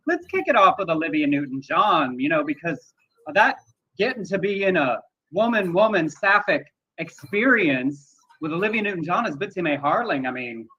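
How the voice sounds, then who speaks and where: High, bright, husky man on a lo-fi line. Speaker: co-host. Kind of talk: casual chat.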